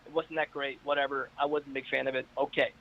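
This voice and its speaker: A man calling in to a casual chat show, telling stories in an energetic, hyped-up way. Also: medium pitch, quick pace, gravelly, phone-quality sound, slight background noise. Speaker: caller guest. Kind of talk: casual chat on a video call. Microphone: internet call.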